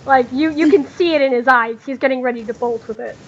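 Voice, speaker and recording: Brief: woman GM, quite high voice, halting delivery, slightly muffled lo-fi sound. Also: a little hiss or hum. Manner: halting, many fillers and restarts. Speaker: game master. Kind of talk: narrating a tabletop game.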